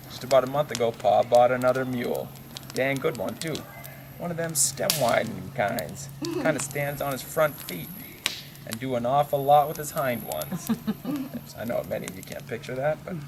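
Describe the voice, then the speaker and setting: A man's voice: medium pitch, background noise. A man telling a folksy comic monologue at a campfire in hick dialect, chuckling at his own punchlines. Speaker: campfire storyteller. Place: outdoors at a campfire.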